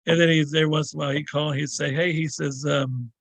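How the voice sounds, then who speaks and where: This older man, a podcast guest, talks fast in a fairly high voice with vocal fry and little pitch movement, with no echo. Casually telling encounter stories, he rambles at length, repeats words, and performs the voices of the people he quotes.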